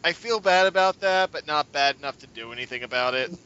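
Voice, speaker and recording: A man's voice: fairly high pitch, fast, bright, forceful tone, clean tone. A man playing a tabletop game, sarcastic and cheerfully destructive in character. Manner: sarcastic, plays his character with gleeful destructiveness. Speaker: player. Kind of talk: casual tabletop role-play. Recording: dull lo-fi podcast audio.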